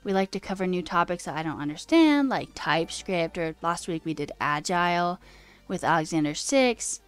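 A woman streaming as a coding host, chatting casually and rambling with self-deprecating asides while her pitch jumps up mid-sentence. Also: animated, normal speed, clean tone, faint music behind. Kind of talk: casual live-stream chat.

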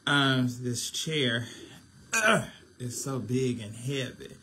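Slow, chatty man on a phone livestream. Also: medium pitch, bright, forceful tone, a little hiss or hum. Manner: chatty, preachy, laughing, mimics fans. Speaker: livestream host and minister. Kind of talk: casual livestream chat.

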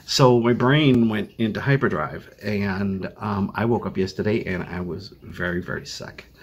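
An older man with a Boston accent, a vlogger living with chronic illness, records a casual video update at home using his phone as a webcam. His voice sits on the low side at a measured pace, with a faint hiss or hum, and he sounds tired and rambling, full of fillers and restarts.

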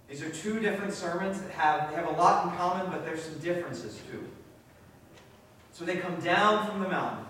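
Male New England pastor, casual halting sermon delivery, recorded from a distance in a very reverberant sanctuary with faint ambient noise. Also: a little high, a bit bright. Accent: New England American. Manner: conversational preaching with fillers and repeated words. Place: church sanctuary. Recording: very echoey church from a distance.

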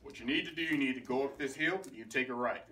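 A man's voice: medium pitch, quick pace, pushed and bright, close to an everyday voice. A man doing a brusque streetwise ant. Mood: gruff. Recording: far-off roomy noisy recording.

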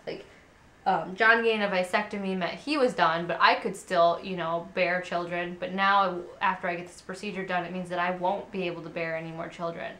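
Candid young mom in a roomy echo. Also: female voice, lowish voice, steady tone, a little fast, sharp tone. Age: 20s. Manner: candid, rambling, many fillers. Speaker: parenting vlogger. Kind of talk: casual chat to camera. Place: at home.

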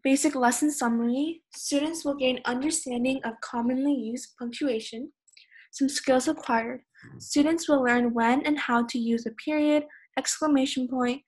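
A teenage girl from California who teaches a recorded online lesson, explaining plainly and patiently. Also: a little high. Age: teens. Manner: plain, patient explaining, raises voice on example shouts. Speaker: student teacher.

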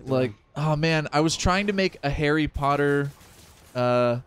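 A man's voice: a little high, measured pace, clear, resonant tone. A young man chatting casually and rambling while playing a video game with friends, with frequent restarts and laughs. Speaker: gaming channel member. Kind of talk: casual let's-play banter.

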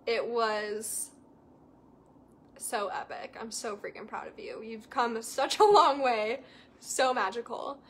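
A woman's voice: a little high, slow, fairly bright tone, a little hiss or hum. A young adult woman coach chatting casually with viewers in an enthusiastic, emphatic way. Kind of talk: casual live chat to viewers.

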